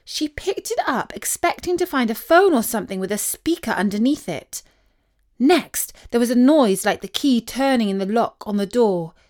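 Expressive woman reading a story. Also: on the high side, moderate pace. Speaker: children's storyteller. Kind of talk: storybook narration.

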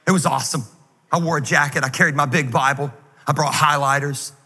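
A man preaching a sermon in an energetic, joking, conversational way. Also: fairly high pitch, fairly quick. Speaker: guest pastor. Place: large church auditorium. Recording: reverberant hall, faint noise.

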